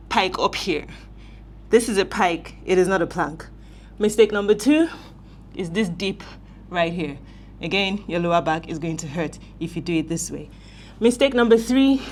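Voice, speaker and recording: A woman's voice: fairly low pitch, darkish tone, slight background noise. A woman coaching home workouts, explaining form while demonstrating exercises and getting out of breath. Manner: friendly, instructive, demonstrating exercises while talking.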